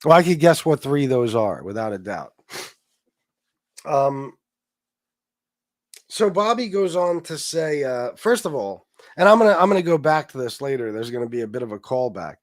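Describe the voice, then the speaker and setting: A man's voice: medium pitch, animated, moderate pace, pauses often, dry recording, clean studio sound. A man hosting a casual livestream with a stuffed-up nose, rambling, swearing and reading viewers' chat comments aloud. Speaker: livestream host.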